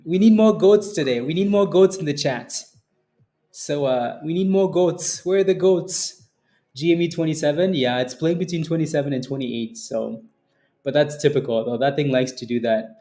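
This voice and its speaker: A young man hosts a live trading stream in a loose, playful chat. He teases his viewers and keeps repeating phrases in a somewhat high but dark, mellow voice. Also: normal speed. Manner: playful, teasing, repeats phrases, laughs often. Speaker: stock trading livestream host. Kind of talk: casual livestream chat reading the chat.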